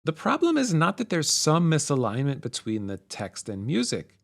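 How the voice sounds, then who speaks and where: A man teaching music theory in a clear, measured voice that sits a little high for a man. His pitch moves around a lot as he explains, rising and falling with each point. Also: wildly swooping pitch. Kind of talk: explanatory lesson narration.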